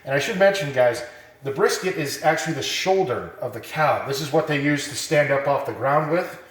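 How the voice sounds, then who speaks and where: A man's voice: medium pitch, normal speed. Guy walking you through trimming meat, easygoing and rambly, little out of breath, echoey kitchen. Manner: relaxed, rambling, lots of fillers. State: a bit out of breath. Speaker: cooking instructor. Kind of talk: casual how-to demonstration.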